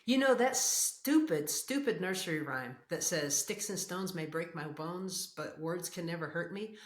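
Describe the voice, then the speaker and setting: A woman's voice: on the low side, expressive, a little slow, echoey room. A woman hosting a podcast, asking enthusiastic questions with frequent restarts. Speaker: podcast host. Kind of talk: conversational interview.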